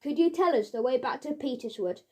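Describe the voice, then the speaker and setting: A clever, cheeky boy sleuth speaks with put-on innocent politeness and quiet persistence, as a woman reads him in a children's audiobook. The voice stays high and bright. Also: animated, brisk. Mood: polite.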